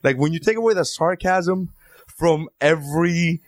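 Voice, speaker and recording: A man's voice: fairly high pitch, normal speed, dry recording. Profane storytelling man, dry sound. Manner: profane, animated, acts out quoted voices. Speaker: podcast co-host. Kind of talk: casual storytelling chat.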